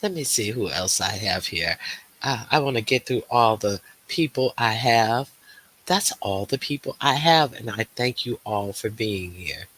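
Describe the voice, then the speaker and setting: Male livestream host, relaxed unhurried pace, bright tense tone, chatty, greets viewers one by one. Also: lowish voice, breathy edge. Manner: greets viewers by name, chatty with many fillers. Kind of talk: casual livestream chat.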